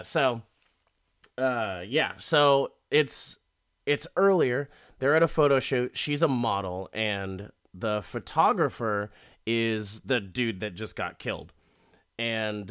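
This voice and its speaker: A young man talks through a TV episode in a loose, rambling way, cursing freely and slipping into short impressions of the characters. His delivery is slow and unhurried, and his voice comes across smooth and clear. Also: mid-range voice, a bit bright. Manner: rambling and profane, acting out characters in quick impressions. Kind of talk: casual episode recap.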